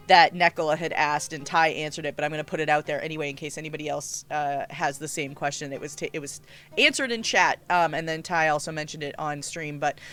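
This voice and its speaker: A woman's voice: low-pitched, fairly bright tone. A woman hosting a casual roundtable chat, talking loosely with many fillers and restarts. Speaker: host.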